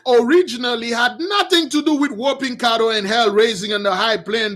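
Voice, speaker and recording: A man preaching to his followers in an emphatic, repetitive way, swinging between shouts and quiet asides. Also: high voice. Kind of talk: street-style sermon.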